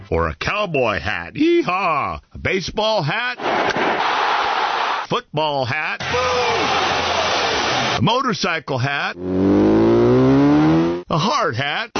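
A man playing a folksy, rambling small-town roofer in a silly commercial. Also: a little high. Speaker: roofer in a comedy ad. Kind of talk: goofy commercial. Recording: lo-fi with clear background noise.

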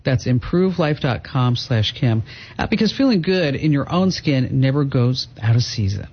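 A man hosting a call-in radio show, chatty and quick to laugh, giving advice to callers and reading ads. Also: medium pitch, expressive, slightly rough. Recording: dull broadcast audio.

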